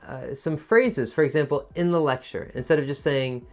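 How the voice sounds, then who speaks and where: A man teaching an online test-prep lesson, with a musical voice that rises and falls, a soft tone, and a pace that speeds up and slows down for emphasis. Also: fairly high pitch. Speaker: TOEFL teacher.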